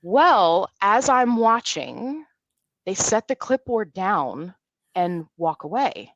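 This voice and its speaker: A woman in her forties, a podcast guest, telling a story in a lively way and acting out what people said. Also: medium pitch, takes it slowly, no room sound, lo-fi sound. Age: 40s. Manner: animated storyteller, acts out quotes. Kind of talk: casual storytelling in a podcast interview.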